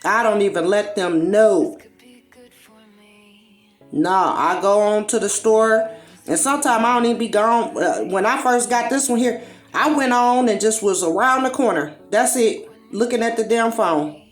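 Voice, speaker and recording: A woman's voice: fairly high pitch, unhurried, faint music behind. A woman, hosting a casual commentary monologue, blunt and profane, acting out quotes as she tells stories. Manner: blunt, profane, animated storytelling with acted-out quotes. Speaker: commentary host.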